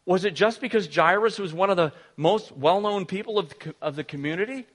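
In a large hall, a middle-aged pastor with a high voice preaches a sermon that weaves a personal story into scripture. His delivery is brisk and animated, full of fillers and restarts.

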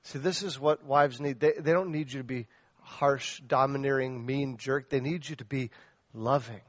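A man preaching a sermon as pastor, passionate and direct, shifting between loud exhortation and soft, earnest asides as he questions the men in the congregation. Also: medium pitch, fairly even intonation, normal speed, no echo.

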